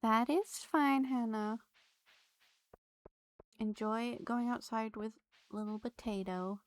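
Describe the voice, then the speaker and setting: A woman's voice: a little high, steady tone, slow. A woman live-streaming a game, chatting to her viewers and laughing often. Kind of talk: live gameplay streaming chat.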